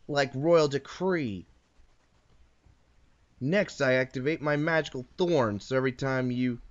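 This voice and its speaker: Explaining every move as he plays an online card game, this host has a mid-range, somewhat bright voice. He throws in playful taunts at his opponent and frequently corrects himself, all in a casual tone on a muffled recording.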